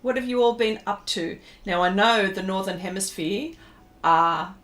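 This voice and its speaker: A woman's voice: medium pitch, moderate pace, a bit bright. A middle-aged woman with an Australian accent, chatting casually to her live viewers while she draws, rambling and laughing often. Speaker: pastel artist streaming live. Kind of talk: casual livestream chat while drawing.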